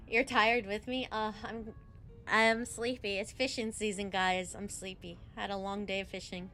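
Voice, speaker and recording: A woman's voice: medium pitch, fairly even intonation, normal speed, sharp tone, faint music behind. A young adult woman streaming a game, chatting casually and giggling, saying "like" a lot.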